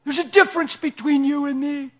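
A man acting out his distraught fourteen-year-old son, who pleads tearfully in a high, strained voice. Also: steady tone, brisk, a bit bright. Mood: tearful pleading.

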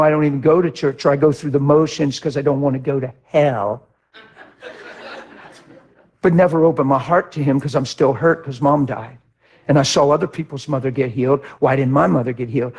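A man preaching a sermon with passion, moving between shouted lines and quiet, reflective ones. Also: mid-range voice, creaky, husky. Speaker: pastor.

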